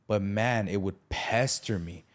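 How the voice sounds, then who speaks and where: A man's voice: on the low side, a little slow. A man telling his life story candidly as a podcast guest, using street slang and acting out the voices he quotes.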